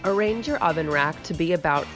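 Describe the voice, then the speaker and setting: Upbeat, lower-voiced woman cooking host. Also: brisk, a bit bright, soft background music. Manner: chatty and upbeat, with casual fillers. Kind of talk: casual cooking chat and recipe voice-over.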